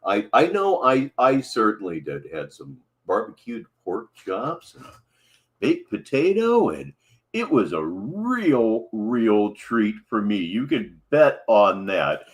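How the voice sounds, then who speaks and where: A man's voice: lowish voice, sing-song, takes it slowly. A man hosting a livestream, giving sardonic commentary on a clip he plays. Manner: sardonic, mocking asides. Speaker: livestream host. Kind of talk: casual commentary over a played clip.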